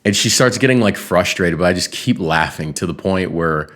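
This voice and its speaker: A man's voice: low-pitched, animated, moderate pace, a bit bright. A young man chatting on a podcast, telling a rambling personal story full of fillers and restarts, often laughing as he talks. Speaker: podcast talker. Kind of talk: casual storytelling chat.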